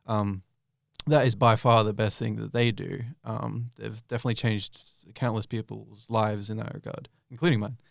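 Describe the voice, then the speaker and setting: A man's voice: lowish voice, little pitch movement, normal speed, creaky, dry recording, studio quality. A young man answering interview questions casually, rambling with many fillers and restarts. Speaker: YouTube creator guest.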